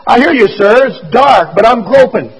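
A man voicing a frightened, dying orphan street boy who talks in plain, halting speech. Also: very high-pitched, lively intonation, slightly rough, voice pushed up, heavily acted, rough recording. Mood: weak, pleading.

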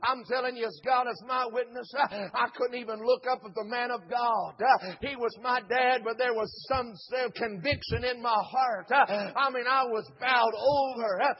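A man preaching a Pentecostal sermon in a church, chanting and shouting his lines with rhythmic "uh" breaks. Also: very high voice, steady tone, normal speed, few pauses, highs cut off. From Dayton, Ohio.

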